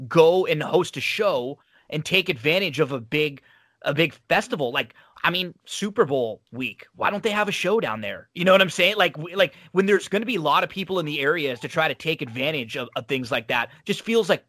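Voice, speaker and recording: A man's voice: on the high side, a bit bright, no room sound. A man casually recapping an old wrestling show on a podcast, chatty and rambling with fillers.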